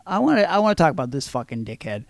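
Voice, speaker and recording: A man hosting a podcast, telling stories in a casual, animated, profane way. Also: on the high side, very fast, creaky, no room sound, clean studio sound. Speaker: podcast host. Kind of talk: casual chat.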